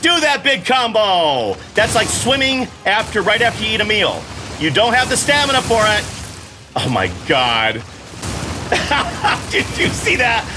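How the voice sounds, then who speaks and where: Excitable middle-aged man, lively high voice. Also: noisy background. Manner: exclamatory, self-mocking, swears freely. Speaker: gaming channel host playing while his son coaches. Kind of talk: excitable gameplay commentary.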